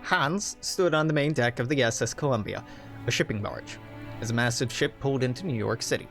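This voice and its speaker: A man's voice: medium pitch, a little fast, vocal fry, faint music behind. A young man reading game event text aloud, breaking off into wry, joking asides. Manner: wry, joking asides between read-out passages. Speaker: game streamer.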